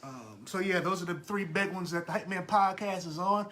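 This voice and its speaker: A podcast host talks to his live listeners in a loose, friendly way and greets them by name as they join. His voice sits high and sounds bright and forward. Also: moderate pace. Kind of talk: casual live podcast chat.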